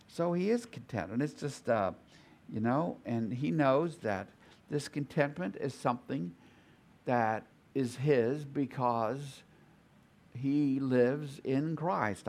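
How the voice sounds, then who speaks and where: A man teaching a small Bible study group at an unhurried, deliberate pace. He thinks out loud, repeating and reworking phrases as he explains a passage. His pitch sits in an ordinary middle range for a man. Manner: thoughtful, repeats and restarts phrases while reasoning aloud.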